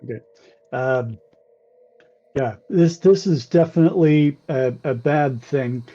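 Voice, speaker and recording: A man playing a tabletop game, speaking in a halting way full of ums. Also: mid-range voice, mellow, highs cut off. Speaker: player. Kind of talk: casual tabletop play.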